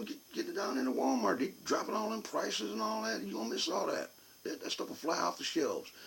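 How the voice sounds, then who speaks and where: Man, high and gravelly, rambling comic storyteller. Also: a little hiss or hum, low-quality recording. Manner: rambling, folksy, repetitive. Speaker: vlogger.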